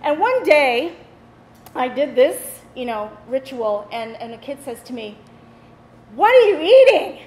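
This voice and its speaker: Woman hosting a talk show, high voice, chatty and animated, echoey studio. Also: a little slow. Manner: animated, chatty, addresses the audience. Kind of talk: storytelling monologue to a studio audience. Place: studio with live audience. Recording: echoey studio with audience noise.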